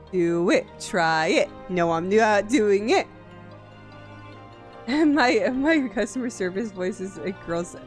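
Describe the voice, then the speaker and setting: A woman streamer with a medium-pitched voice chats casually and playfully with her chat, giggling and gushing, using a desk mic in a home streaming setup.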